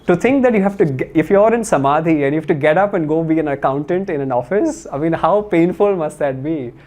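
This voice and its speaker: A man's voice: fairly high pitch, lively intonation, a little fast, darkish tone. A man giving a spiritual talk, telling stories in a conversational way with many fillers and restarts.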